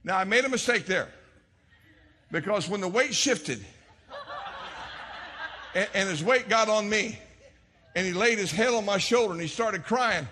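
Husky-voiced pastor preaching in a hall. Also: male voice, sits high, measured pace, long pauses. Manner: storytelling preacher, swings from hushed to shouting. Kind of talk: sermon. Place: church sanctuary.

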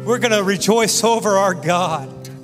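A man preaching a sermon in a church, swinging from loud exhortation to soft, quiet prayer. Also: high-pitched, measured pace. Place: church sanctuary. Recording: church hall reverb with guitar music.

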